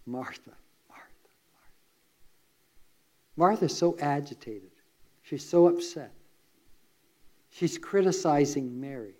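A man's voice: fairly high pitch, mellow. A man preaching a sermon, retelling a story in a conversational way with asides to listeners.

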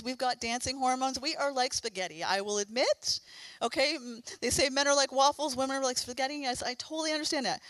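A middle-aged woman preacher delivers a sermon with earnest, fervent encouragement. Her voice sits somewhat high, and the sound is close and dry, with little room around it. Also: a bit bright, no room sound, low-quality recording.

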